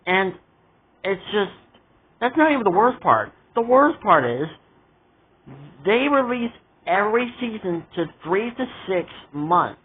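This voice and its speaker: This vlogger reviewing a show has a high, husky voice and is very animated, though he keeps a measured pace. His casual rant is exasperated and indignant, with asides he keeps repeating, all captured in tinny, phone-like audio.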